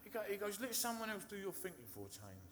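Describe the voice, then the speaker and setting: A man tells his recovery story in a frank, rough way, swearing and chuckling. He acts out the people in the tale. His voice sits a little high, over a noisy background hiss. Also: very animated, fast talker. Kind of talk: candid storytelling.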